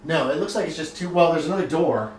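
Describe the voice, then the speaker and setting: A man's voice: on the high side, fast, crowd noise. A man narrating as game master, hesitant and full of ums, recorded from across a room. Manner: hesitant, many ums and restarts. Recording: echoey room from far off.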